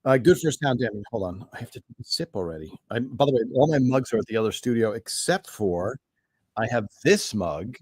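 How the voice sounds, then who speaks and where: A man's voice: medium pitch, expressive, brisk, a little mellow, husky, no echo. A man hosting a casual live stream from a small home studio, rambling and easily distracted, with lots of ums and asides.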